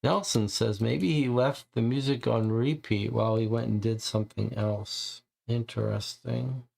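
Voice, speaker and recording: Male streamer, gravelly and slow; casual, halting let's-play commentary. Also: mid-range voice, fairly even intonation, a little mellow. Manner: thinking aloud, hesitant, halting. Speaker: streamer playing a mystery game.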